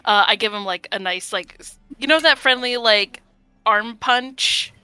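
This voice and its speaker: Bright-voiced woman playing a tabletop game. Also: a little high, smooth, no echo, soft background music. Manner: animated, laughing, quick asides. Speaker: player. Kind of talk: casual tabletop role-play.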